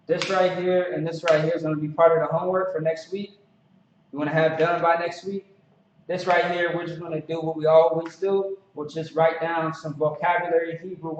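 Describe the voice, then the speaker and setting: Man, casual class teacher, relaxed halting delivery, somewhat high voice, distant echoey lo-fi recording. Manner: relaxed, halting, many fillers and restarts. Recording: echoey, distant, dull lo-fi recording with some noise.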